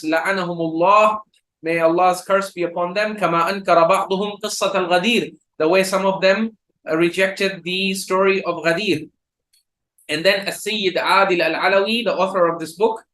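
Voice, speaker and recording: A man giving a religious lecture, reading Arabic passages quickly and then explaining them slowly in English. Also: high-pitched, bright, forceful tone, roomy sound. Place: live video call session.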